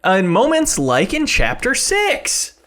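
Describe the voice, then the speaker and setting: A man's voice: very high-pitched, wildly swooping pitch, unhurried, a bit bright. A man on a casual game podcast, giving opinions and prompting the others to speak. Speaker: podcast co-host.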